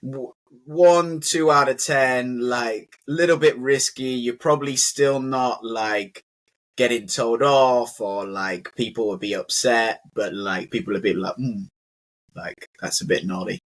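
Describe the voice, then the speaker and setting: A man's voice: mid-range voice, fairly even intonation, measured pace. A British man teaching English in a casual conversational lesson, chatty and full of "like" fillers.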